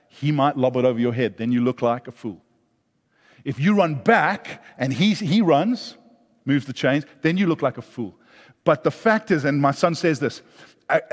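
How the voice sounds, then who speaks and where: A middle-aged man preaching a sermon, animated, rising loud and then dropping soft. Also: medium pitch. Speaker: pastor. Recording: long hall reverb.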